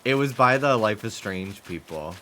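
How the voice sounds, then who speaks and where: A man's voice: on the low side, lively intonation, moderate pace, pushed and bright, a little hiss or hum. A man chatting casually on a game stream, swearing often and laughing as he rambles.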